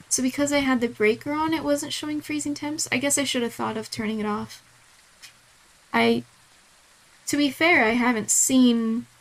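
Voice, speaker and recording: A woman's voice: a little high, rough recording. A woman streaming a game live, talking to herself and repeating the same questions aloud, easily startled into swearing.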